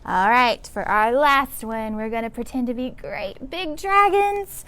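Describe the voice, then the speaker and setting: A woman's voice: on the high side, lively intonation, measured pace, few pauses, fairly bright tone. Upbeat woman leading kids' storytime. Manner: upbeat, encouraging, talks straight to children. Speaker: library storytime host. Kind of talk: leading children's movement activity.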